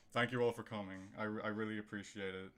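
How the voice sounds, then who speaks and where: A man's voice: fairly low pitch, steady tone, normal speed, a bit bright. A young man streaming a game live, stammering and exclaiming in disbelief after finishing a hard level. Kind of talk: live-stream reaction commentary.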